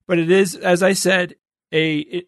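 A man's voice: high-pitched, level tone, unhurried, dry recording, studio quality. A man co-hosting a podcast, casually reading out listener emails with playful, laughing asides. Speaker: podcast co-host presenting a listener segment.

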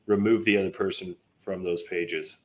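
A man co-hosting a podcast, mostly agreeing briefly and then giving a quick, firm opinion. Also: deep voice, steady tone. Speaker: podcast co-host. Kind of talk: casual podcast chat.

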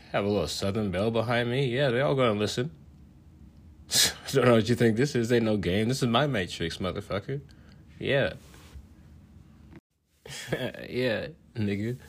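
A young man riffing in a profane, swaggering comedic rant, slangy and laughing often, a little high. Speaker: show host.

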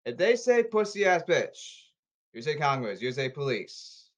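A man ranting about baseball and social media in repetitive, halting bursts. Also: on the high side, very animated. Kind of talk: rambling ranting commentary.

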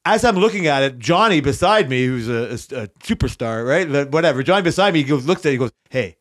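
A podcast co-host with a medium-pitched voice talks fast as he tells a work story. He's casual and swears often, animatedly acting out his coworkers' lines in different voices.

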